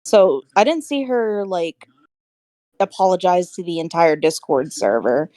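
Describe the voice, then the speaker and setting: A woman in a casual online voice chat who tells what happened in an animated way. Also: on the low side, a little slow, no echo. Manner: animated storyteller.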